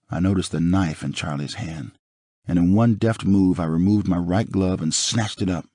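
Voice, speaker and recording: A man narrating an audiobook in the first person with a dramatic, expressive reading. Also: deep voice, moderate pace, no echo, studio quality.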